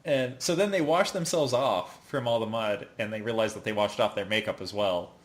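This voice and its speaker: A man's voice: on the low side, normal speed. A man hosting a podcast, chatting casually as he recaps an anime episode, rambling with fillers, laughing often and putting on the characters' lines. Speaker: podcast host.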